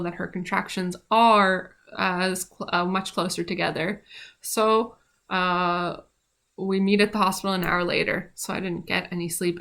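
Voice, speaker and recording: A woman's voice: mid-range voice, fairly bright tone. A young woman casually telling a rambling personal story about her midwifery training, with many fillers and restarts.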